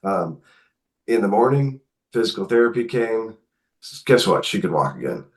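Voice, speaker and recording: A man's voice: on the low side, moderate pace. A middle-aged man, a guest author, telling a long personal story in conversation and acting out the voices of the people in it. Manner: animated, acts out quotes in his telling.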